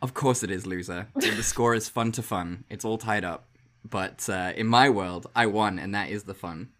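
A man's voice: lowish voice, normal speed, fairly bright tone. A man co-hosting a casual movie podcast, teasing and swearing as he jokes his way through his opinions. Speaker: podcast co-host. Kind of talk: casual chat reviewing a movie.

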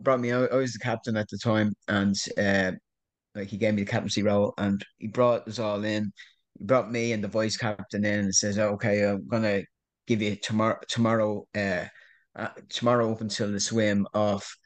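A man's voice: on the low side, flat delivery, moderate pace. A middle-aged Irish man telling a rambling story in a casual interview, repeating words and laughing often. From Ireland. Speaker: guest.

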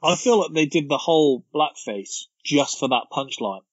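Relaxed man, dry lo-fi sound. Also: fairly high pitch, normal speed, dry recording. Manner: relaxed, chatty, quotes film lines with amused laughter. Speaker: podcast co-host. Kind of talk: casual film discussion. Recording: dull, dry lo-fi podcast audio.

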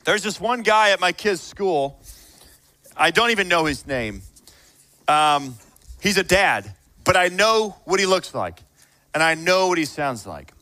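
A man preaching a sermon in a conversational way, moving between hushed reflection and fired-up encouragement. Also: high-pitched, sing-song, a little slow. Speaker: pastor.

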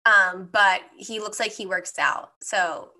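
A young woman co-hosting a podcast, chatting casually and peppering her talk with "like." Her voice is bright and forward, with an easy, everyday pitch. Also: slow. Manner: chatty, frequent "like" fillers. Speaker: podcast co-host. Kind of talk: casual chat.

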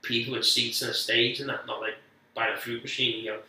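Sweary man, bright and echoey. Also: medium pitch, little pitch movement, a little fast, recorded from a distance. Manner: rambling, sweary, frequent restarts. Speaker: guest comedian. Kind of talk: casual storytelling chat. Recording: very echoey, off-mic.

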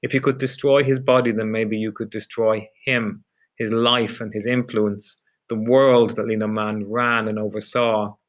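A man narrating a dark story in a measured, deliberate audiobook reading. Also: lowish voice, little pitch movement.

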